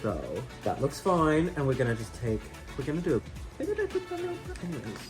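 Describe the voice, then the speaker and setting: A man's voice: mid-range voice, lively intonation, brisk, over music. A young Australian man doing a chatty drag makeup tutorial, rambling in self-mocking asides. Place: indoor room with a fan.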